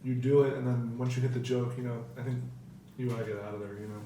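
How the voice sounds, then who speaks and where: A man's voice: mid-range voice, fairly even intonation, quick pace, dark tone. Young man, casual guest comedian, rambling and self-correcting, recorded from a distance in a very echoey room with faint background noise. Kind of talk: casual chat.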